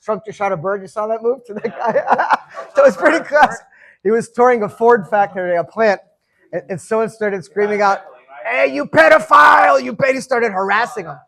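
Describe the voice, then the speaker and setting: Fifties guy with a high voice telling stories to a group, stumbles and repeats words a lot. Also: normal speed. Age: 50s. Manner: chatty, storytelling, repeats words when starting. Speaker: farbrengen leader. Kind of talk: informal gathering talk. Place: room with a gathered group.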